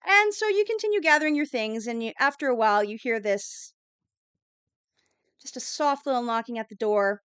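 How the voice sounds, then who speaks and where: A woman runs a tabletop role-playing game, describing characters and scenes with frequent fillers. Her voice is high-pitched and smooth. The sound is dry and close. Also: expressive, normal speed, a bit bright, no room sound. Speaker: game master.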